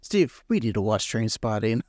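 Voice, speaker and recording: A man's voice: fairly low pitch, sing-song, normal speed, darkish tone, no echo, studio quality. A man co-hosting a casual podcast, rambling and joking, laughing often. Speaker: podcast co-host.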